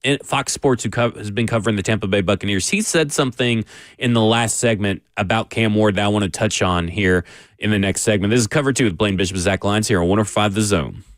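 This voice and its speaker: A male sports radio co-host talking casually, measured as he lays out figures and leads into segments. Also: lowish voice, dry recording, clean studio sound. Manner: measured, lays out numbers and segues.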